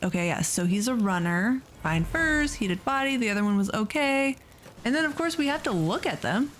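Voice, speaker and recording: Chatty, excitable woman gaming host. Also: on the high side, normal speed, a little hiss or hum. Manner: chatty and excitable, gushing over creatures. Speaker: let's play host. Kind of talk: casual gameplay commentary.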